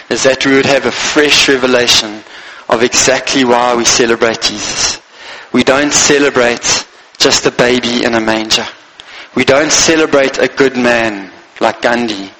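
A man's voice: medium pitch, steady tone, bright, forceful tone, a little hiss or hum, poor audio. Earnest male pastor preaching. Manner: earnest, pausing preacher reading scripture aloud. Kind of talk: sermon.

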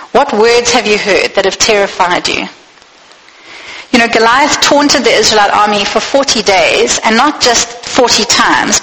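A woman preaching a sermon in an earnest, searching way, putting direct questions to her listeners. Her voice sits a little high and sounds bright and forceful, and it rings out with a long reverb trailing behind it.

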